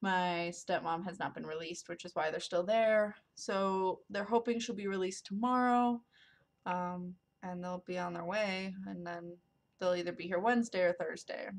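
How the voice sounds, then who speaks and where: A woman's voice: fairly low pitch, fairly even intonation, normal speed. A woman vlogger telling a story to camera in a casual, rambling way, with lots of ums and likes. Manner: rambling, filler-heavy, many ums and likes.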